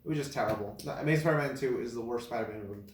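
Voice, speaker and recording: A man in casual chat ranking films, rambling with many fillers and breaking into loud incredulous laughter. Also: mid-range voice, very fast. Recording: echoey room.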